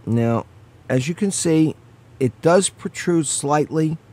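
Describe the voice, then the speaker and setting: A man reviews a small gadget at his own pace, slow and unhurried, with a voice sitting a little high for a man. He talks the viewer through each step in a loose, chatty way and stops now and then to apologize for small slips. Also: lively intonation, a little mellow. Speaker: product reviewer. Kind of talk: hands-on product review.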